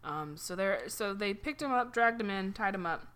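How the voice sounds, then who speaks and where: A woman co-hosting a podcast with a bright, clear voice. She trades an improvised comic story in a casual, playful way and drops dry little asides. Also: medium pitch, lively intonation, moderate pace. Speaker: podcast co-host.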